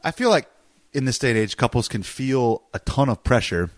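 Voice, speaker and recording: A man's voice: medium pitch, animated, normal speed, no room sound. A man co-hosting a podcast in casual chat, earnest and opinionated, pressing his point through restarts. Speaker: podcast co-host.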